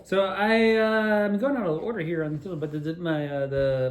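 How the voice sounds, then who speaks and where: A man's voice: fairly high pitch, moderate pace, hardly any pauses. A man spins loose, profane stories with lots of rise and fall in his voice, drifting off topic as he sips a beer. His voice bounces around a roomy, echoing space. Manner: profane, digressive, animated; drinking beer while talking. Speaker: video maker telling childhood stories. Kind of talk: rambling personal storytelling monologue.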